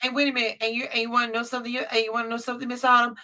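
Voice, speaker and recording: Blunt, profane host, bright voice. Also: female voice, fairly high pitch, level tone, racing. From Chicago. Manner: blunt, profane, emphatic storytelling. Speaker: host, tarot reader. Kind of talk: casual live-stream chat.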